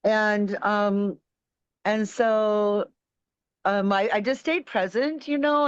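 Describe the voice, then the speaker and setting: A woman's voice: medium pitch, no echo, lo-fi sound. A woman on a video call sharing a personal story earnestly, in a rambling way with many fillers. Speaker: participant.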